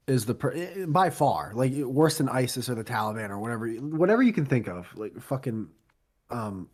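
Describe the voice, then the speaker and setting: A man's voice: medium pitch, lively intonation, normal speed, darkish tone. A man co-hosting a podcast, complaining in casual chat with dry, profane humor. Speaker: podcast co-host.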